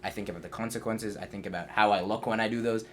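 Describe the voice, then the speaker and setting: Young male host, very low voice, earnest and reflective, faint hum in the background. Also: fairly even intonation, quick pace. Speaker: podcast host. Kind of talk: casual chat.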